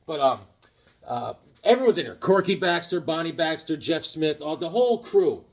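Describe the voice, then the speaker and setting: A man's voice: on the high side, moderate pace. A middle-aged man chatting casually and enthusiastically as he shows off his comic book pickups, cracking jokes along the way. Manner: enthusiastic, excitable, joking. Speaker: comic collector vlogger. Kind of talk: casual chat showing comics.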